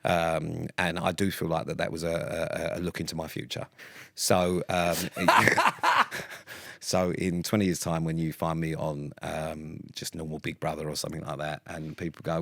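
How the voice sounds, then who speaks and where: A man's voice: rumbling low, flat delivery, moderate pace, creaky, pushed and bright, no echo. A man co-hosting a podcast, telling stories in casual chat, sweary and full of fillers. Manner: sweary, rambling storyteller with many fillers. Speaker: podcast co-host.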